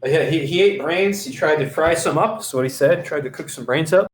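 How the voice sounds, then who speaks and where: A man's voice: on the high side, a little fast. A man co-hosting a podcast who chats casually and steers the talk back on topic. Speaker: podcast co-host. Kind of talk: casual chat. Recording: roomy and distant, faint noise.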